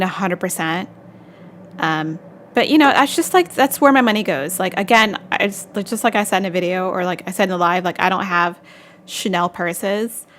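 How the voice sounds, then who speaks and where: A woman's voice: mid-range voice, fairly bright tone. A woman vlogger hosting a casual live-stream chat, chatty and giggly as she answers viewer comments.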